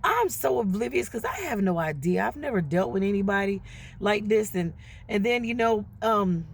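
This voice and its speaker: A woman in a chatty, casual storytime, speaking straight to her viewers with a gravelly edge of vocal fry on her words. She slips into other people's voices as she quotes them. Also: mid-range voice, expressive, moderate pace, slight background noise.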